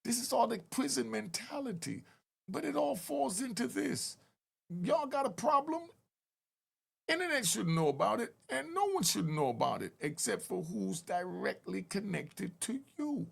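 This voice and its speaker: Older New man in his sixties, gravelly and a touch high, earnest street-wise host making a direct plea. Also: very animated, measured pace, fairly bright tone. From Harlem, New York. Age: 60s. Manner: earnest, pleading, street-style talk with rising emphatic peaks. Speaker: channel host telling prison stories. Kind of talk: direct-to-camera commentary.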